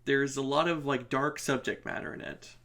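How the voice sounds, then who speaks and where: A woman's voice: a bass voice, normal speed, a bit bright. A woman co-hosting a casual comic review stream, talking hesitantly with frequent ums and uhs. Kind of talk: casual chat.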